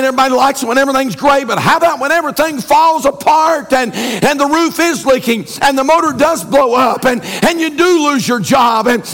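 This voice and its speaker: A pastor preaching a fervent sermon, reading old-style scripture and building to shouted refrains. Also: male voice, extremely high pitch. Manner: reads scripture in King James wording.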